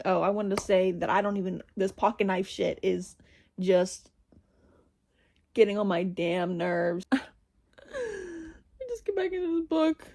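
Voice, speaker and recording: A young woman chatting casually to her camera in a reading vlog, rambling and interrupting herself as she goes. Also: medium pitch. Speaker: reading vlogger.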